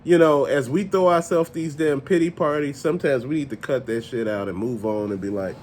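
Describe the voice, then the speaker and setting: A man hosting a casual vlog, ranting in an animated, profane, conversational way and often laughing as he talks. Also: mid-range voice, a little fast, hardly any pauses. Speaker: toy channel host.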